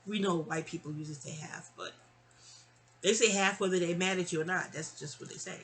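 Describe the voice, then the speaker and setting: A woman from New York tells a personal story in a bright, ringing voice. She rambles and digresses, addresses her listener directly, and slips into other people's voices when she quotes them. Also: fairly low pitch, steady tone, brisk, low-quality recording. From New York (Queens). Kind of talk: casual storytime monologue.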